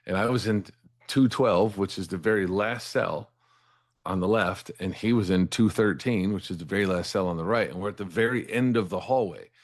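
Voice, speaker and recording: Deep-voiced earnest man telling his story. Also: moderate pace. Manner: earnest, repeats words when starting a thought, asks "right?" after points. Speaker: interview guest. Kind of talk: candid personal storytelling.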